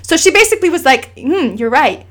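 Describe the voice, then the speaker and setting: A woman in her thirties, appearing as a guest, tells a personal story in casual conversation, earnest and emotional as she acts out what others said. She's animated, quoting people in lively asides, and speaks briskly in a high-pitched voice.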